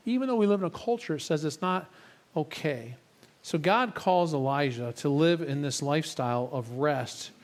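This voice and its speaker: A man preaching a sermon as a church pastor, earnest, dropping his voice to a hush for the quiet lines. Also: fairly high pitch. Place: church sanctuary.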